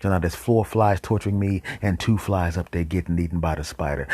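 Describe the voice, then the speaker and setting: A man with a deep, husky voice spins an absurd comic tale in a straight-faced monologue. He slips into hushed asides now and then, and the sound is close and dry. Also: brisk, no echo. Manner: deadpan tall tales with whispered asides. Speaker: podcast host.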